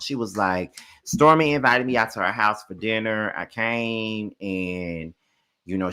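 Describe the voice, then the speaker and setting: A young man hosting a casual reality show recap, telling it in an animated, sassy way full of swearing. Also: medium pitch. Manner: animated, profane, sassy retelling.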